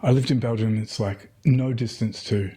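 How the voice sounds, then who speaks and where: A middle-aged man with a husky, mellow voice wanders through anecdotes in a relaxed interview. His tone is dark and breathy, and he keeps stopping to restart his sentences. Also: medium pitch, normal speed. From Tasmania, Australia. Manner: rambling storyteller with many fillers and restarts. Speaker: guest. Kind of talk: casual conversational interview.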